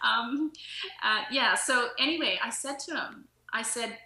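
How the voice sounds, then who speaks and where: Woman podcast guest, bright forward voice, chatty storyteller, roomy echo. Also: a little high, a little slow. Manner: storytelling, laughs often, acts out quoted dialogue. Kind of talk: casual interview storytelling.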